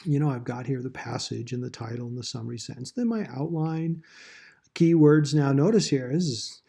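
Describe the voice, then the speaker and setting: A man teaching a Bible study lesson in a relaxed, rambling way, full of fillers and restarts. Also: mid-range voice, normal speed, creaky, husky. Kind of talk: recorded lesson walkthrough.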